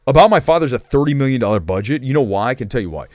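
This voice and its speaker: A man's voice: mid-range voice, lively intonation, rapid-fire, dry recording, studio quality. A man hosting a casual livestream movie chat, opinionated and rambling, with restarts and asides. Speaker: movie talk show host.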